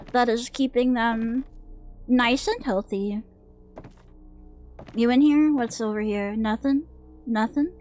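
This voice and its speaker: A woman VTuber chatting casually while playing a horror game, jumpy and swearing as she jokes with her chat. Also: fairly high pitch. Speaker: VTuber streamer. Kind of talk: casual livestream game commentary.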